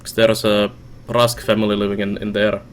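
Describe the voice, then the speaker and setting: A man's voice: level tone, normal speed, slight background noise. A Finnish man with a Finnish accent, chatting casually while streaming a game. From Finland. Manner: musing, low-key chat while playing. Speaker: let's play streamer. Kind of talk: casual gameplay commentary.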